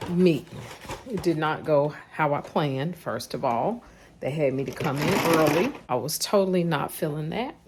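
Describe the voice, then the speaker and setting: Woman, vlogger, casual chat, folksy, deep voice, faint background hiss. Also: a little mellow. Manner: chatty and folksy, calls viewers honey and child. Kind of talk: casual day-in-the-life vlog.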